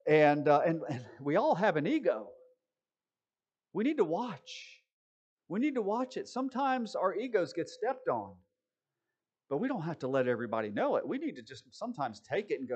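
A man's voice: fairly high pitch, big pitch swings, moderate pace, darkish tone, breathy edge, dull audio. A man preaching a conversational sermon, full of self-deprecating asides, and often checking in with his listeners. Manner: chatty, self-deprecating asides and frequent "right?" check-ins. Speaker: preacher teaching a Bible study.

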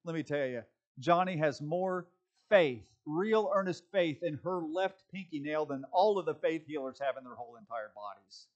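A man with a fairly high-pitched voice preaches a sermon, pressing his points hard. He slips into sarcastic, mocking asides between points. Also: lively intonation, moderate pace, highs cut off. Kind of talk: sermon teaching.

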